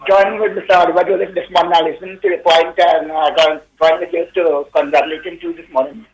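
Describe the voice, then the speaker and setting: A man's voice: a little high, little pitch movement, fast talker. A man calling into a radio show who speaks hesitantly and uses many fillers. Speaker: caller. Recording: muffled phone line.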